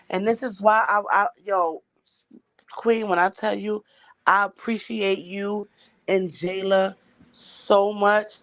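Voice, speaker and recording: Blunt, swearing woman. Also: mid-range voice. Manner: blunt, heavy swearing, emphatic. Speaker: livestream host. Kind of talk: casual chat.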